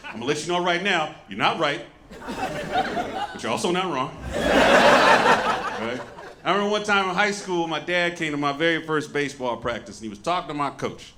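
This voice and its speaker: A man in his thirties doing a stand-up set with a loud, profane, punchy delivery on a handheld mic. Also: fairly high pitch, slight background noise. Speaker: stand-up comedian. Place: comedy club stage with a live audience. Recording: roomy live club with loud crowd. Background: audience laughter.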